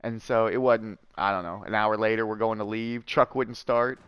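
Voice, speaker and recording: A man's voice: lowish voice, fairly even intonation, normal speed, clear, resonant tone, no echo, lo-fi sound. A man streaming a video game, rambling casually and chatting with his viewers, with many fillers and asides. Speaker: gaming streamer. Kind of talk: casual storytelling while gaming.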